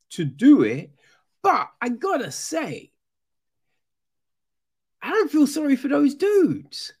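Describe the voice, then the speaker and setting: A man giving casual, sarcastic true crime commentary, animated and full of swearing. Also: on the high side.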